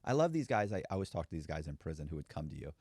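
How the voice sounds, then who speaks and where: A man's voice: rumbling low, rapid-fire, a little mellow, slightly rough, no room sound, studio quality. A man, a former con man, talking candidly in a casual podcast conversation and acting out quoted voices.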